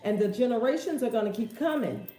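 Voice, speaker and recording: A woman's voice: fairly high pitch, animated, quick pace, warm tone. A woman hosting a casual question-and-answer talk, with an emphatic, preachy, folksy way of speaking. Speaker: host. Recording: echoey room.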